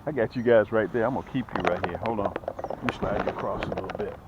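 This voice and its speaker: A man hosting a fishing vlog from a boat outdoors, chatty and excited, talking straight to his viewers. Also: on the low side, quick pace. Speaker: fishing channel host. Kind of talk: casual fishing vlog commentary. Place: on a small boat outdoors on a lake. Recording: dull lo-fi outdoor audio with faint noise.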